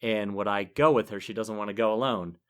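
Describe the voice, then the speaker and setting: A man's voice: lowish voice, steady tone, a little fast, a bit bright. A man in his forties co-hosting a podcast, chatting casually, rambling and laughing easily. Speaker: podcast co-host. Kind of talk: casual chat.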